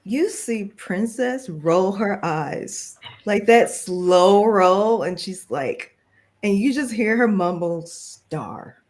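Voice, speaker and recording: A woman's voice: medium pitch, slow, darkish tone. A woman playing in a live tabletop game, describing her character in a chatty way and laughing often. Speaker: player. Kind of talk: casual role-play as a player.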